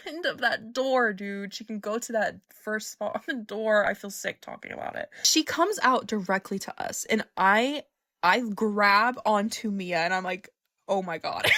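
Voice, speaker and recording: A young woman telling a casual storytime, excitable and profane, gushing and laughing often. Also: a little high, no room sound, studio quality. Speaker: vlogger.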